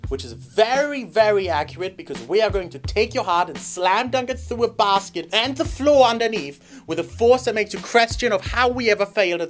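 Sarcastic man, lively delivery. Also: high-pitched. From Germany. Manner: sarcastic, crude, deadpan. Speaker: comedy YouTuber. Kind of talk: scripted comedic monologue.

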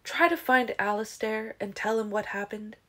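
Woman reading a calm, kindly vampire man. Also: mid-range voice, normal speed, pitched above the performer's own voice, close to an everyday voice.

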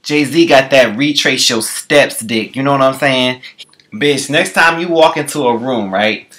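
A man delivering a sassy, profane comic rant, calling the listener "girl" and swooping his pitch around wildly. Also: measured pace, fairly bright tone. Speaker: comedian.

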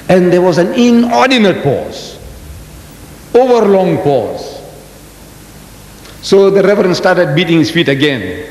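A man in his seventies giving a lecture to an audience, telling stories in an animated way and firing off rhetorical questions. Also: a little slow, pauses often. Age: 70s. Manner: animated storytelling, rhetorical questions, emphatic jumps in pitch. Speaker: Islamic lecturer. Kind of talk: lecture delivered to a live audience. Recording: roomy hall reverb, faint background rumble.

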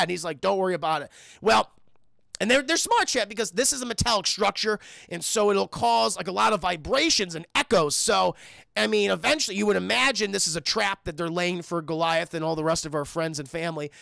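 Male streamer, high and very gravelly, recapping a cartoon for live chat, swears freely, dry close sound. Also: sharp tone, no room sound. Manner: rambling, profane, keeps addressing chat; acts out characters' lines in quick asides.

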